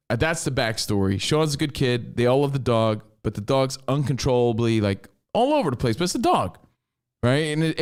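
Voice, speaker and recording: A man co-hosting a podcast, telling a story in a slangy, animated way and acting out what people said. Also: medium pitch, smooth. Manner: animated, slangy, acts out quotes. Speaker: podcast co-host. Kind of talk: casual storytelling chat.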